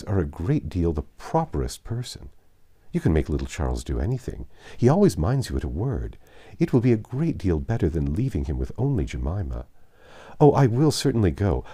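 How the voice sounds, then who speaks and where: A man's voice: deep voice, dark tone, heavily acted. A man reading a classic novel aloud, voicing a fretful, self-pitying young mother who complains easily. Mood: eager. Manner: complaining, quick to whine.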